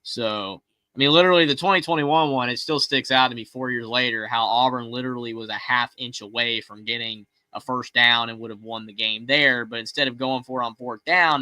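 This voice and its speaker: A man co-hosting a sports call-in show, rambling excitedly and often restarting his sentences. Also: medium pitch, dry recording, poor audio. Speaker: co-host of a fan call-in show. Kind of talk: casual sports talk.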